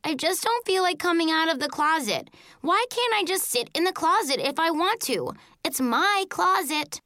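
A woman voicing a young schoolgirl who is upset, tearful and stubborn, yelling back in a high pleading voice. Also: lively intonation, moderate pace, no room sound, studio quality, exaggerated voice. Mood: tearful, defiant.

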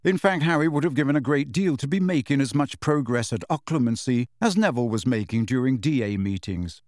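A male audiobook narrator reads scripted material expressively in a medium-pitched voice, going a little fast. The recording is dry.

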